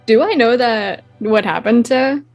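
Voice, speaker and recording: Eager woman player, exuberant, fairly high. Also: a little slow, soft background music. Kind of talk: casual chat at a game table.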